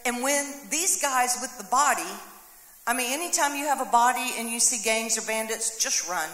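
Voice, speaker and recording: A woman's voice: on the high side, normal speed, fairly bright tone. A woman pastor preaching a sermon, telling the story with acted voices and humor. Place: church sanctuary. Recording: echoey hall, long reverb.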